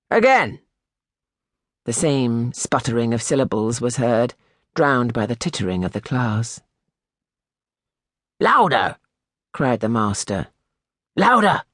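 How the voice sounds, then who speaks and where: A man reads a classic novel aloud in a measured, expressive storytelling manner. His voice sits at a middle pitch for a man. The recording is dry and close, with no room echo. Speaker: audiobook narrator. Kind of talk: scripted literary narration.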